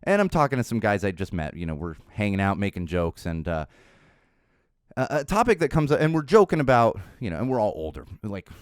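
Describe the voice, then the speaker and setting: Lively, rambling middle-aged male podcast host. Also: on the low side, brisk, clear, resonant tone, no room sound, clean studio sound. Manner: rambling storyteller, full of restarts and asides. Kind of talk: casual podcast monologue.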